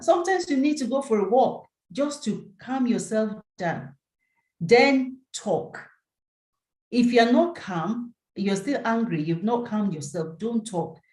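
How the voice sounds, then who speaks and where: A woman leads a live seminar, speaking earnestly and filling pauses with "you know". Her voice sits at an ordinary middle pitch. The recording carries a noticeable room echo. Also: a little mellow. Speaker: seminar presenter. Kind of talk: live teaching talk.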